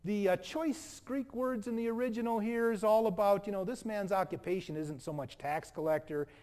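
High-voiced man preaching a sermon. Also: moderate pace. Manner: animated preaching, acts out quotes. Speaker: pastor.

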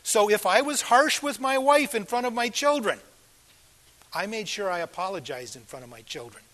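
An older pastor delivering a sermon in a fairly high voice. He talks earnestly, swelling into loud emphatic lines and then sinking to near-hushed asides. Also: animated, normal speed. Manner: earnest, swings between loud emphasis and soft quiet asides.

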